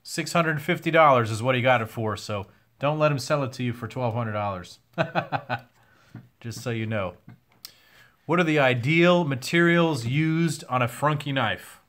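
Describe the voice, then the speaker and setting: A man's voice: mid-range voice, a little slow, fairly bright tone. A young man hosts a casual livestream Q&A, reading questions from chat and answering them candidly with the odd swear. His voice sounds tired and worn from long talking. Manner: candid, swears now and then, reads chat questions aloud. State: losing his voice. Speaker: host answering viewer questions.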